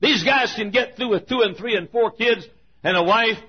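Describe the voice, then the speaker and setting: Male pastor, emotional sermon storytelling; husky, raised pitch; lo-fi muffled recording. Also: normal speed. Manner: emotional storytelling with repetitions, shifting volume. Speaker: preacher.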